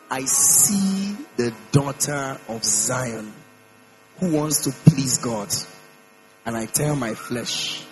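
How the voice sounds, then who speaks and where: A man preaching a sermon in a church, emphatic, repeating phrases and swinging his pitch up and down. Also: slow, rough recording. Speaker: pastor. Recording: mains hum with faint music behind.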